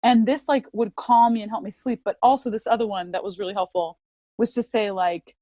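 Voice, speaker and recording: A woman's voice: mid-range voice, fairly even intonation, brisk, mellow, no echo. A woman, an opera singer, talking candidly in an interview, reflective and earnest, with many "like" fillers. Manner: reflective, earnest, heavy use of "like".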